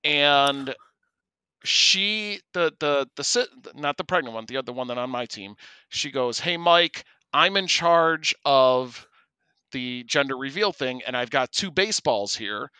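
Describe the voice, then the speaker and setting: Bright-voiced man telling a story. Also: mid-range voice, normal speed, smooth, no echo. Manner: animated, acts out quoted voices. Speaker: podcast co-host. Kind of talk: casual storytelling.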